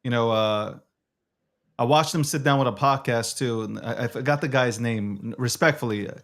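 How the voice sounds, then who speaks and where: A man's voice: medium pitch, normal speed. A man hosting a live streamed show, chatting casually and swearing now and then. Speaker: host.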